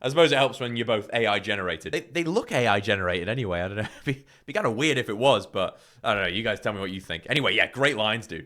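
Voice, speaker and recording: A man's voice: fairly low pitch, expressive, fast, a bit bright. A man hosting a reaction video, mocking the clips with sarcastic jokes. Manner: sarcastic, mocking, laughs often. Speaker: host. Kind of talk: reaction commentary.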